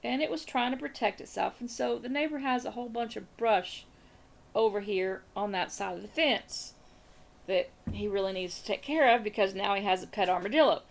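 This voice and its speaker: A woman's voice: medium pitch, moderate pace, vocal fry. A Southern American woman chatting casually as a crafting vlogger, rambling through a story and repeating phrases.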